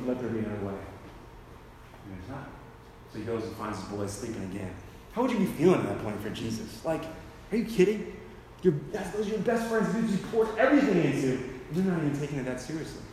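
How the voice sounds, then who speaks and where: A man's voice: fairly low pitch, darkish tone, a little hiss or hum. Slangy young man preaching in an echoey hall. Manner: slangy and conversational, full of "dude" and "like"; dramatic, acts out the people in the story. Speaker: youth speaker at a church. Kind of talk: casual retelling sermon. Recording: echoey hall with faint ambience.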